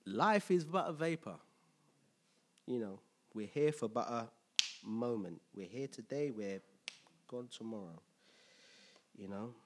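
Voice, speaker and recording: A man preaching a conversational sermon, telling stories with lively impressions. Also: mid-range voice, measured pace, pauses often, a little hiss or hum. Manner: storytelling with animated impressions and laughter.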